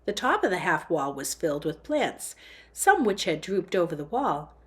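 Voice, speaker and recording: A woman reading a novel aloud in a steady storytelling manner. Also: lowish voice, normal speed. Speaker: book reader.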